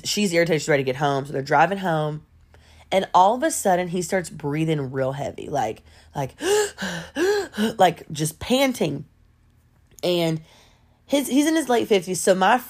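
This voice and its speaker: A woman telling a story on her home podcast, animated and chatty, full of asides. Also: lowish voice. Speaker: podcast host. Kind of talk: casual storytelling.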